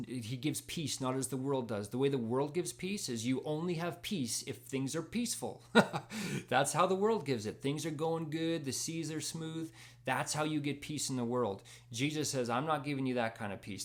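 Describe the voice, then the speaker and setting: Young man, mid-pitched with some vocal fry, relaxed storyteller sharing his faith testimony. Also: moderate pace. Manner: storytelling, acts out dialogue, laughs at himself. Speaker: Christian speaker sharing testimony. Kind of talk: casual spoken testimony.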